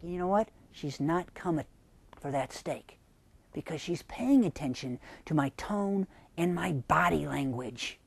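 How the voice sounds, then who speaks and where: A man hosting a parenting advice talk, coaching gently and asking many rhetorical questions. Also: fairly high pitch, animated, normal speed, creaky, husky, dry recording.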